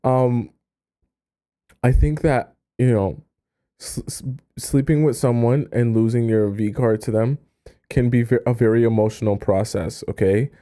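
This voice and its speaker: Mellow-voiced man giving casual dating advice. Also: medium pitch, steady tone, a little slow. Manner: chatty, keeps checking in with "okay?"; coy euphemisms, restarts often. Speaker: dating coach host. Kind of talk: casual live-stream advice.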